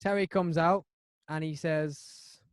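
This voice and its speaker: A man hosting a podcast, telling a story in a rambling, animated way with lots of restarts. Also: fairly high pitch, takes it slowly, smooth, no echo, clean studio sound. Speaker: podcast host. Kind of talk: casual chat.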